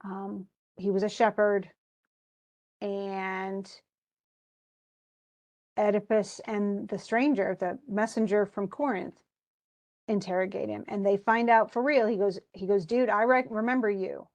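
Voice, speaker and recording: A woman's voice: mid-range voice, fairly even intonation, a little mellow. A woman teaching a class, retelling a tragedy in casual speech and briefly acting out the characters' lines. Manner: casual, acts out lines in quick voices.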